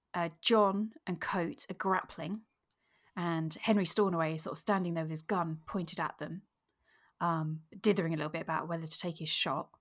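Brief: low-voiced husky woman, chatty book-podcast co-host. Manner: fillers, lively when excited. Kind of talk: book discussion and reading aloud.

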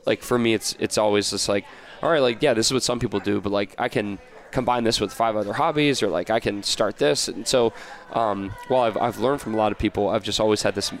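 A man from the United States in casual conversation, with a low-pitched voice. He tells stories in an animated, rambling way, restarting sentences and filling pauses as he goes. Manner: rambling, animated storytelling with many restarts and fillers. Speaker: podcast guest. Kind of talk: casual interview chat.

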